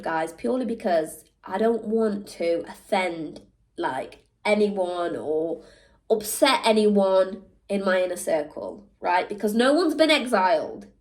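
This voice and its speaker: A woman talking candidly to camera, animated, slipping into mock voices and laughing at herself. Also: mid-range voice. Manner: animated, switches into mock voices when quoting people; laughs at herself mid-sentence. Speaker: vlog host.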